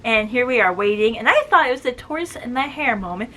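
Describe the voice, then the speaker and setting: A woman reviewing a book, casually retelling the plot and acting out the characters' lines with quick voice shifts. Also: on the high side, lively intonation, sharp tone, slight background noise. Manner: chatty, acts out quoted lines with quick voice shifts.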